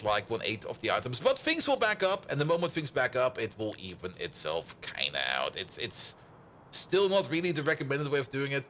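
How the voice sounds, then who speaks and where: A man's voice: medium pitch, bright, forceful tone, a little hiss or hum. A man with a German accent chatting and laughing through a game stream. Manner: rambling, laughs often, talks to chat. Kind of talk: casual gaming commentary.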